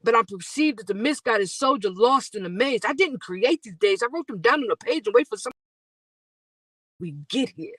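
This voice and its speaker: A woman's voice: fairly high pitch, lively intonation, fairly bright tone, dry recording. A woman performing spoken-word poetry as a guest poet, with rhythmic verses and a soaring sung refrain. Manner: rhythmic delivery, soaring sung hook, quick rapped verses.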